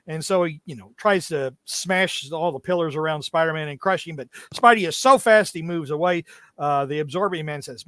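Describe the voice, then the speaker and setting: This young adult man co-hosts a podcast, recapping comic book issues in casual chat. He jokes a lot and keeps halting, filling gaps with fillers. His voice is a little high and sharp in tone, and there's no room sound.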